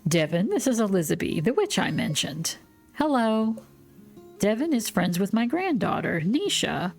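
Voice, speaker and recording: A woman's voice: mid-range voice, very animated, moderate pace, gravelly, darkish tone, soft background music. A woman reading a kindly older village woman. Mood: gentle.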